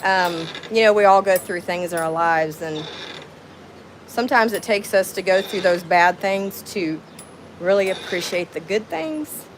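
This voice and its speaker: A woman's voice: on the low side, expressive, measured pace, slight background noise. A middle-aged woman with a Southern drawl chatting on her first livestream from home, nervous and thanking viewers by name as she reads their comments. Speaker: livestream host. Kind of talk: casual livestream chat reading comments. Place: home, near a window with birds outside.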